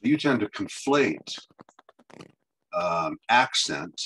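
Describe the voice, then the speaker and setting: A man's voice: fairly low pitch, big pitch swings, drawn-out words, fairly bright tone, a little hiss or hum, poor audio. A man in a teacher training session, asking questions and thinking aloud as he goes. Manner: thinks aloud, hesitant with fillers and restarts.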